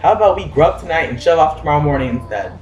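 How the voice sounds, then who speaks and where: A man voicing a burly male pirate who pleads and rambles in a high, drawling voice. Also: expressive, quick pace, reverberant, highs cut off, faint music behind, natural voice. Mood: whiny pleading. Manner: pleading, rambling, says y'all.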